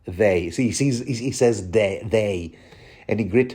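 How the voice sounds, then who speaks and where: A man talks through a book chapter in a loose, rambling way, cracking jokes as he goes. His voice is mellow and soft-edged, and he often trips over words and starts again. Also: on the low side, measured pace, breathy edge. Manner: chatty, joking, stumbling restarts. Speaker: book commentator. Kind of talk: rambling casual commentary.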